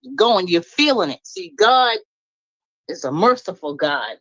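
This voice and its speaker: A middle-aged woman venting bluntly in a casual live-stream chat, laughing often and jumping high in pitch when she gets indignant. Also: sing-song, measured pace, fairly bright tone, no echo. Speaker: guest speaking on a live stream.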